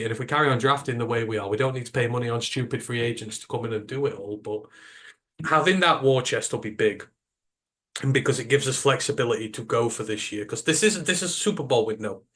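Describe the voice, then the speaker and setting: A man's voice: mid-range voice, a bit bright. Opinionated British man talking football. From United Kingdom. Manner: emphatic, opinionated, rambling with fillers. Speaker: podcast co-host. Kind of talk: casual sports podcast chat.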